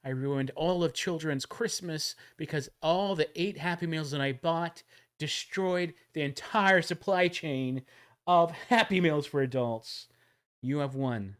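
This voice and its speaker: A man hosting a casual livestream trivia giveaway, joking around and calling out loud countdowns. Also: on the high side, measured pace, smooth. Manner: jokey, animated, loud countdowns.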